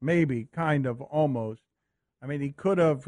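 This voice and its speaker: A man hosting a sports radio show, excitable and mocking, often laughing as he talks. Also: mid-range voice, measured pace.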